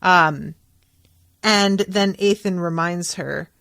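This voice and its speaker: A woman's voice: fairly low pitch, takes it slowly, gravelly, a bit bright, no room sound, studio quality. A woman hosting a podcast, recapping book chapters in a chatty way, with lots of "like" and "um" and some casual swearing. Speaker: podcast host.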